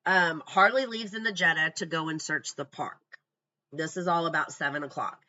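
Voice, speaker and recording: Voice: mid-range voice, steady tone, moderate pace, bright, forceful tone, muffled recording. A true crime commentator going through a timeline from notes in casual talk, blunt and scornful, with profane asides.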